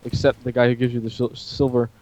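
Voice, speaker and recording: Hoarse man joking around with a friend. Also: mid-range voice, completely flat delivery, fast, darkish tone, rough recording. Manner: joking, teasing, rambling. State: hoarse throat. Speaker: podcast co-host. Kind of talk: casual chat between friends.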